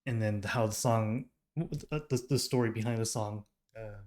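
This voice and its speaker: A U.S. man running a K-pop reaction channel speaks to camera at normal speed in a low-leaning, somewhat mellow voice. It's casual and rambling, with frequent ums and restarts as he corrects himself.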